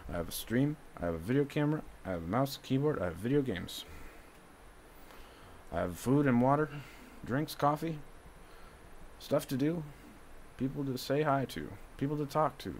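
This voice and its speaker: A man streaming, ranting at the camera, agitated and swearing, swinging between loud outbursts and low muttering. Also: normal speed, long pauses, slight background noise.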